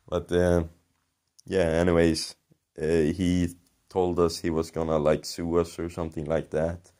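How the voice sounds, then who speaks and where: A man's voice: low-pitched, level tone, unhurried, pauses often, warm tone. A young man casually telling a rambling, sweary story about himself, laughing at his own embarrassment. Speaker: commentary channel host.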